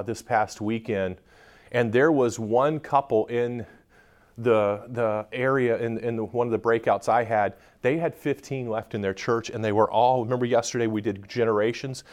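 In front of a live conference audience, a man with a mid-range, darkish voice jokes and banters with the people in the room.

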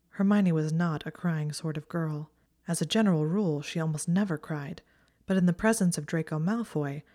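A woman narrating a story aloud in a steady, even manner. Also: low voice. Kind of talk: audiobook narration of fan fiction.

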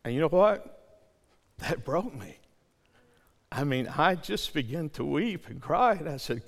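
A middle-aged male pastor preaching a sermon and leading a prayer, swinging from loud impassioned pleading to hushed near-whispers. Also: fairly high pitch, big pitch swings, a little slow, creaky, long pauses. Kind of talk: sermon with altar call. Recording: long hall reverb.

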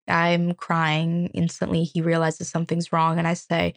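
A young Ukrainian woman who hosts a podcast tells a personal story, earnest and reflective, with halting restarts. Her fairly low voice has a flat delivery, recorded dry.

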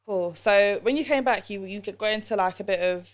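A woman hosts a relaxed podcast interview. She talks casually, laughs a lot and gets moved easily. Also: medium pitch, moderate pace. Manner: warm, laughs often, emotional. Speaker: podcast host.

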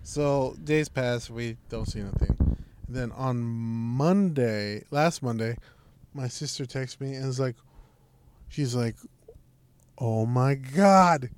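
A young man casually telling a long, profane, animated story, full of "I'm like" and "she's like". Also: mid-range voice, slow, a little hiss or hum. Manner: rambling, profane, animated retelling with lots of "I'm like". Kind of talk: casual chat.

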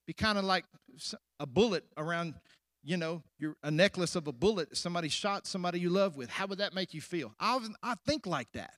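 High-pitched preaching man, dry close mic. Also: expressive, no echo. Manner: preaching with sudden rushes and drawn-out, hushed endings; questions the congregation directly. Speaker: pastor. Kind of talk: sermon.

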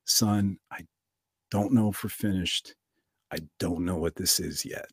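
A man doing a calm old farmer father. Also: low voice, husky, dry recording, studio quality. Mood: serene. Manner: quiet, slow, measured.

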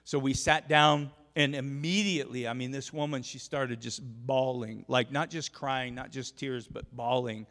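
Bright-voiced pastor in an echoing church. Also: male voice, medium pitch, fairly even intonation, moderate pace, hardly any pauses. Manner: emphatic, storytelling, frequent restarts. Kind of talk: sermon. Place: church sanctuary.

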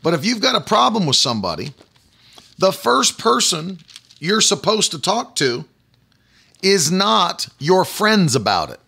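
A male preacher delivers a livestreamed sermon in a bright, fairly high voice. He is emphatic, repeats his phrases and breaks off to speak to viewers online. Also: sing-song, measured pace, vocal fry, breathy edge.

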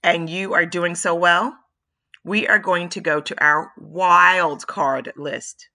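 A female spelling-bee judge with brisk, official delivery, read by a woman. Her voice is low, with a bright and forceful tone. This is audiobook storytelling. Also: fairly even intonation, exaggerated voice.

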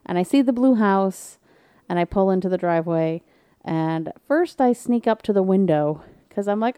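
A woman co-hosting a podcast, telling a story in casual chat and acting out quotes in a loud, high voice. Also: lively intonation, moderate pace, clear, resonant tone, dry recording. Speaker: podcast co-host.

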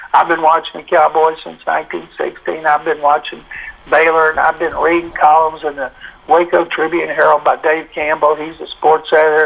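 Older man with a gravelly phone voice. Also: fairly high pitch. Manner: folksy, animated retelling with quoted dialogue. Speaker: interview guest, sportswriter. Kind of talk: anecdotal storytelling. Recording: tinny phone line.

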